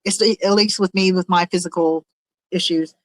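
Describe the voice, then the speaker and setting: A woman's voice: on the low side, fairly even intonation, moderate pace, no echo, poor audio. A woman hosting a casual livestream from her home. She reads out chat comments and chats in a rambling way, with lots of fillers and laughs. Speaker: livestream host reading chat. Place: at home in a room with fish tanks.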